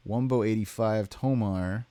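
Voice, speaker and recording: A tired man with a low voice reads chat messages aloud on a live stream and answers each one in a deadpan, rambling manner. The sound is dry and close, with no room around it. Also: unhurried, no room sound. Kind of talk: casual chat.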